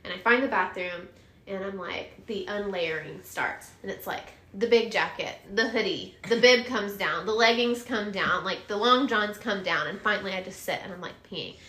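Young woman from Texas, upbeat storyteller, bright voice, echoey room. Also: medium pitch, moderate pace. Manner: upbeat, clipped phrases, laughs. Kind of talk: casual chat, storytelling.

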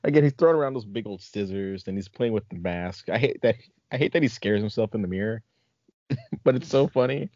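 A man's voice: lowish voice, fairly quick, dry recording. Guy hosting a chill podcast, laughs a lot, muffled lo-fi audio. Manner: laughs often, animated storytelling. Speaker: podcast host. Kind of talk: casual chat. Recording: dull lo-fi recording.

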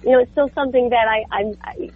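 A woman with a New York accent talks as a guest on an interview, quick to turn sharp or sarcastic. Her voice has a breathy, husky grain. It comes through a narrow, phone-like line. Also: fairly high pitch. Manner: animated, sharp and a little sarcastic. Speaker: guest voice actor. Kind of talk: casual interview chat.

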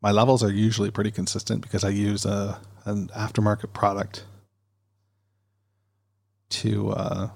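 Gravelly low-voiced man hosting a podcast. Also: completely flat delivery, moderate pace, long pauses, a little mellow. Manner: chatty, rambling, with frequent ums and self-corrections. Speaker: podcast host. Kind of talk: casual podcast chat reading listener emails. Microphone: dynamic studio mic. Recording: home podcast recording.

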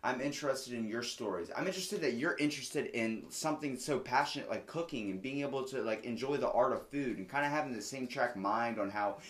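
A man's voice: medium pitch, a little fast, few pauses, fairly bright tone, reverberant. A man hosting a casual podcast chat, talking bluntly and getting riled up, with plenty of swearing. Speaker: podcast host.

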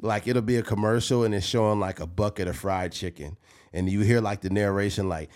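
A man's voice: lowish voice, steady tone, a little fast, a little mellow. A man co-hosting a casual podcast, joking, swearing freely and acting out quotes. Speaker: podcast co-host. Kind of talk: casual chat.

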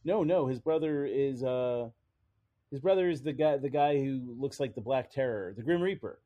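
Man, mellow voice, casual podcast co-host, explains comic trivia, hesitant restarts. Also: mid-range voice, moderate pace. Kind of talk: casual chat about comic history.

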